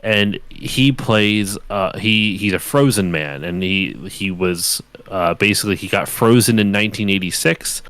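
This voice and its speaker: A man's voice: on the low side, a little slow, hardly any pauses, fairly bright tone, clear, resonant tone, dry recording. A man co-hosting a livestreamed talk show, telling stories enthusiastically with lots of fillers and casual swearing. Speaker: podcast co-host. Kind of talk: casual chat.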